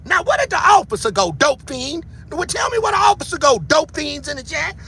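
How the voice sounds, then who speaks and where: A man hosting a livestream, reacting to video footage in loud, profane, excitable commentary and often laughing. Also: very high voice, fairly quick. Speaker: livestream host.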